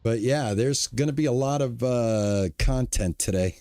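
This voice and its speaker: A man's voice: medium pitch, a little slow, mellow, no room sound, studio quality. A middle-aged man streaming a game, chatting casually and greeting viewers by name, often restarting his words. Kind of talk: casual live-stream chat.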